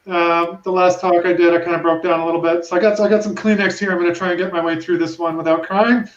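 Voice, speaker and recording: A woman in her thirties speaking on a panel about her own experience. She talks in a halting, emotional way with many restarts. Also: lowish voice, fairly even intonation. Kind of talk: personal testimony on a panel. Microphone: video call. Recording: roomy dull-sounding video call.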